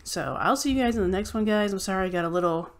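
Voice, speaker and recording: A woman's voice: medium pitch, animated, quick pace. A woman vlogger delivering an impassioned, ranting opinion monologue straight to her viewers.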